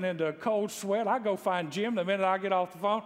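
Man, pastor, sermon, folksy and joking, high voice, long hall echo. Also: brisk. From Mississippi. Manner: folksy storytelling with humor, builds to loud exclaims.

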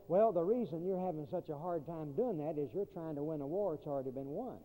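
A man preaching a sermon, emphatic, repeating key phrases and swinging between loud and quiet passages. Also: on the high side, fast, hardly any pauses. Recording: tinny phone-like audio in a reverberant hall.

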